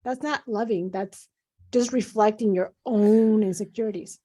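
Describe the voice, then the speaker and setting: A woman's voice: medium pitch, measured pace, warm tone. A middle-aged woman, a physician guest, speaking earnestly and animatedly in a conversational interview.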